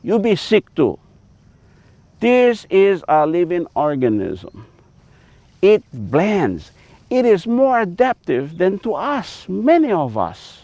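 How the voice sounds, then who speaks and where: A man's voice: high-pitched, wildly swooping pitch, slow pace, dark tone, no room sound, lo-fi sound. A man with a Hawaiian Pidgin accent, a farmer teaching outdoors on a taro farm in a folksy, emphatic way, mixing in Hawaiian words.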